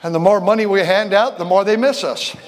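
Older guy preaching, folksy, stumbles over words, gets loud then drops low, high voice. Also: brisk, background noise. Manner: folksy, repeats words, swings from shouting to quiet. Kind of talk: sermon. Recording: long hall reverb.

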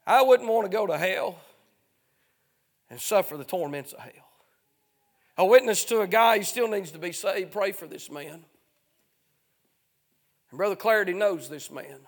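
A preacher with a very high, gravelly voice delivers a fiery revival sermon. He chants in drawn-out phrases, punctuated with "uh," rising to shouts and dropping low. It sounds like an old-time pulpit preacher working up a congregation. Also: animated.

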